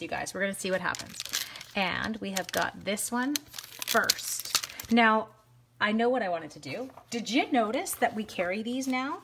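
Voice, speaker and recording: A woman's voice: medium pitch, background noise. A woman demonstrating card stamping live, talking each step through in a chatty, bubbly way and addressing viewers by name. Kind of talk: casual live crafting demo.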